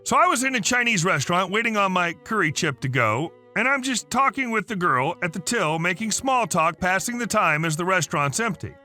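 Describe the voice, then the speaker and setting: A man narrating a story aloud in a lively, chatty way. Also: high-pitched, a little fast, hardly any pauses, faint music behind.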